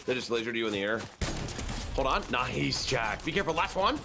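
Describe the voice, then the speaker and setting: A man playing a game with friends, loud and jokey in his banter. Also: mid-range voice, brisk, over music. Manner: excitable, loud, jokey trash talk. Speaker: gaming friend. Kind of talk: casual gaming chat. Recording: noisy game stream.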